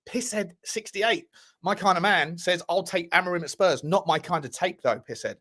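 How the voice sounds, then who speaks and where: A man hosts a football live stream in a loose, joking way. He swears freely and says many phrases twice. His voice sits on the high side. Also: a little fast, pushed and bright. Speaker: football podcast host. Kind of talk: casual live-stream chat.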